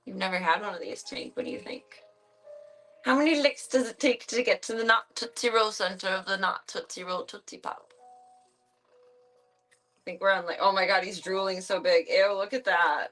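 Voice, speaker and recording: A woman's voice: mid-range voice, moderate pace, a bit bright, faint music behind. A woman streamer chatting casually at home, fussing over her pet in doting, playful baby talk and laughing often.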